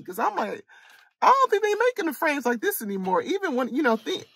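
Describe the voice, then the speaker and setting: A woman's voice: sits high, sing-song, a little fast, gravelly, fairly bright tone, no room sound. A woman in her late thirties from Michigan, hosting a casual storytime, talking in a candid, earnest way that circles back and repeats itself. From Michigan, USA. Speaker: host and coach for women.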